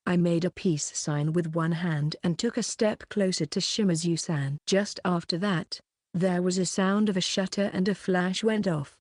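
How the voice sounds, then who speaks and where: A woman narrating a light novel audiobook, reading every character in a near-even voice. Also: lowish voice, moderate pace, dry recording, clean studio sound.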